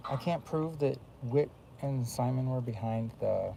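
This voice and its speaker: Rambling gravelly-voiced man. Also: mid-range voice, measured pace, warm tone, slight background noise, rough recording. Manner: rambling, many fillers and restarts. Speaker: vlogger. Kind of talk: rambling casual monologue.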